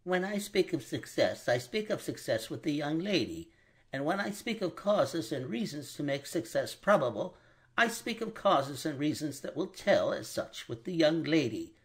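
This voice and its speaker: A fussy, mild older bank clerk, as a male narrator puts him on in an audiobook, hesitant and precise as he answers. The husky voice is pushed up high and moves widely in pitch. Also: big pitch swings, moderate pace, full character voice. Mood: earnest.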